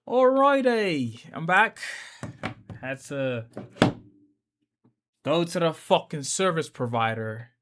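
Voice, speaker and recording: A man's voice: medium pitch, a bit bright. A South African man hosting a reaction video, swearing freely and stumbling while reading aloud. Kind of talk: casual reaction commentary.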